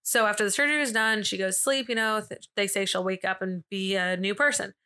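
A young woman telling a story to her podcast co-host in a loose, chatty way, with lots of fillers and side comments. Her voice is bright and forward, with middling pitch. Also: fairly even intonation, fast talker. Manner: chatty, filler-heavy, with frequent asides and laughs.

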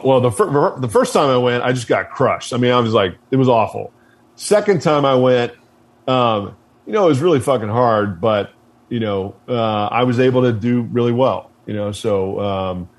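A man's voice: medium pitch, a little slow. A man being interviewed, casually telling stories with plenty of fillers, swearing and laughter. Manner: relaxed, profane, many fillers, laughs while telling stories. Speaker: interview guest, former Marine officer.

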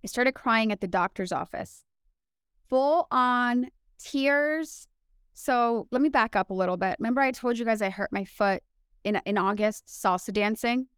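A woman co-hosting a podcast, telling a story in an animated way and acting out the lines of the people in it. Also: on the high side, a little slow, clear, resonant tone, no echo, studio quality. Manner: animated storyteller who acts out dialogue. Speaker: podcast co-host. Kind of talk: casual podcast chat.

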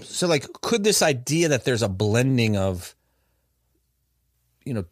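An animated man tells a story on a podcast. His pitch rises and falls a lot, and he restarts and circles back often. The sound is close and dry on a podcast mic, with no room echo. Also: a little slow. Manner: rambling, many restarts and fillers. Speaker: podcast host telling a story.

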